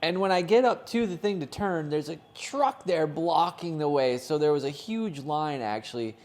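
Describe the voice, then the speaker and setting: A man tells a long, rambling story with plenty of swearing, sounding like relaxed chat between friends. His voice sits a little on the high side. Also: normal speed. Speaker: podcast co-host. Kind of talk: casual chat.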